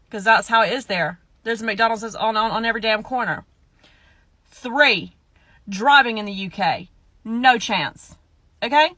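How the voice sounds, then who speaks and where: A woman's voice: medium pitch, fairly bright tone, dry recording. A woman vlogging casually, brash and joking with emphatic asides. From southern United States. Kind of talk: casual comic vlog.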